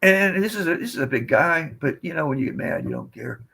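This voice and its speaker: A man's voice: a little high, animated, a little fast, vocal fry, pushed and bright, slightly rough. A man in his seventies from the United States, a podcast guest telling rambling, digressive stories in a casual way. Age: 70s. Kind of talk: casual storytelling.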